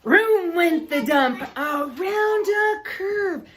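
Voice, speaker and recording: A woman reading a children's picture book aloud, with animated storytelling and playful sound effects. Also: very high voice, very slow.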